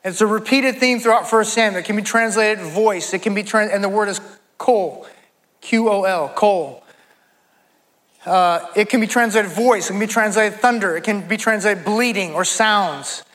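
A man's voice: sits high, normal speed, a bit bright, in a large hall. A man preaching a sermon to his church, emphatic, rising into fervent voices when he quotes others. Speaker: pastor.

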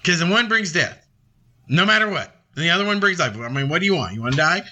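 Male preacher, high and piercing voice, emphatic and conversational, reads scripture aloud. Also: lively intonation, quick pace, pushed and bright, a little hiss or hum. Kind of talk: sermon.

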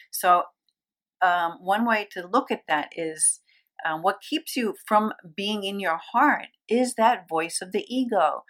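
A woman's voice: lowish voice, fairly bright tone. Earnest woman hosting a coaching podcast. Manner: earnest and encouraging, often checks in with the listener. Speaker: podcast host and life coach. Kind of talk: solo motivational podcast talk.

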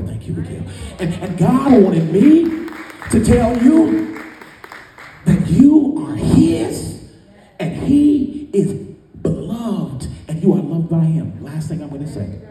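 A man's voice: high voice, warm tone. A man preaching a sermon as pastor, emphatic and sing-song, heard from far off in a large hall.

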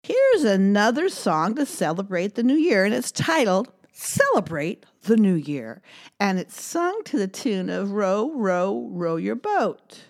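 A middle-aged woman teaches young children, singing songs and reading a poem gently with cheerful cheers. Her mid-range voice is sing-song and a little slow.

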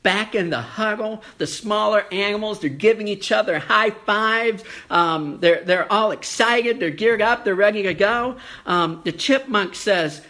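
Folksy preacher with a bright voice. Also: medium pitch. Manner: folksy storytelling with many fillers; slows down for emphasis. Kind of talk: sermon.

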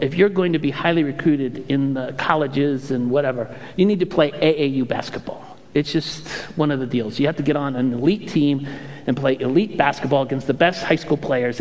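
A male pastor preaching a sermon with animated storytelling and playful impressions. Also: fairly high pitch, long reverb tail.

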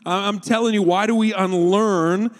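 Pastor, man, 30s, bright high register, animated sermon storyteller, long hall reverb. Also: normal speed. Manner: storytelling, animated, quoting his kids with raised pitch.

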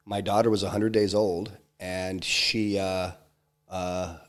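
A man with a very deep, low voice recounts a hard personal episode in an interview. He talks haltingly, restarting sentences and filling gaps with ums. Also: level tone. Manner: halting, many restarts and fillers. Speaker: interview guest, entrepreneur. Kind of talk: candid personal storytelling.

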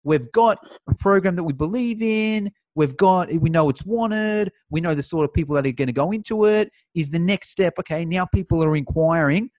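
A man hosting a podcast, upbeat, recapping the guest's points in clear steps. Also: a little high, normal speed, darkish tone, dry recording. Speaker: podcast host. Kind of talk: podcast conversation, summarizing.

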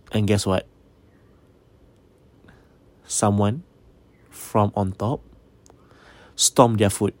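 A man narrates an eerie tale in a relaxed, conversational way. He slips between English and Malay and keeps checking that his listeners are following. His voice sits on the low side and sounds dry and close. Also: normal speed, long pauses, no room sound. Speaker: storyteller. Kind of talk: casual spoken ghost story.

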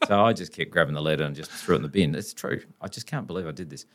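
Deep-voiced Australian man telling stories. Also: very fast. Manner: blunt, colloquial, animated anecdotes. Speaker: company founder, guest. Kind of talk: casual storytelling.

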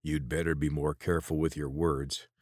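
A man's voice: very deep voice, level tone, moderate pace, darkish tone, no room sound, clean studio sound. A man voicing a scornful, growling male guard with rotten teeth in an audiobook. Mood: menacing. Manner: growling, sneering. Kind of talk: audiobook character voice.

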